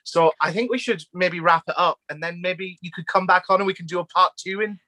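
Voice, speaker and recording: Bright-voiced eager podcast host on video call. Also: mid-range voice, steady tone, brisk, no room sound. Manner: eager fan, chatty and informal. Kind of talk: casual interview over video call.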